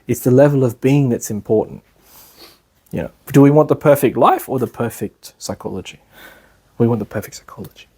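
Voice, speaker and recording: A man's voice: mid-range voice, a little fast, dark tone, husky. A man giving a class as an instructor, talking loosely with many fillers and restarts. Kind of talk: lecture.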